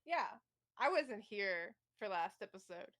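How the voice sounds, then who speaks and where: A woman's voice: mid-range voice, big pitch swings, measured pace, a bit bright. A woman chatting as a tabletop game player, with dry, teasing humor. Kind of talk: casual chat.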